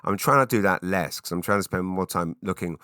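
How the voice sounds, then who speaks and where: A man's voice: sits low, a little fast, bright, forceful tone, smooth, dry recording, clean studio sound. A man in his forties with a British accent, hosting a rambling solo podcast, often breaking off mid-sentence and slipping into silly voices. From England. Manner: rambling, self-interrupting, jumps into silly put-on voices. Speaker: podcast host.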